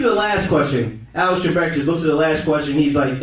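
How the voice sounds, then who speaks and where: Man, stand-up comic, high voice, loose chatty delivery, heard from back of a very echoey room. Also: far from the mic. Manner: laid-back, conversational, slips into quick impressions. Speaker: stand-up comedian. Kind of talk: stand-up set. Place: small comedy room, live audience. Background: audience laughter.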